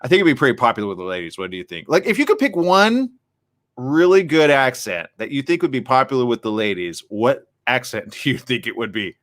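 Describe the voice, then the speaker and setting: Man, radio host, chatty, bright animated voice, studio mic. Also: mid-range voice. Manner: lively, chatty, quick asides. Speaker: radio morning show host. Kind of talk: casual radio chat and news reading.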